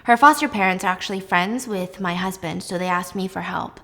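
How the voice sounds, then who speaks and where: A woman voicing an older female professor who speaks in a measured way with small hesitations. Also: lowish voice, sharp tone, big-room sound, a little hiss or hum. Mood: earnest.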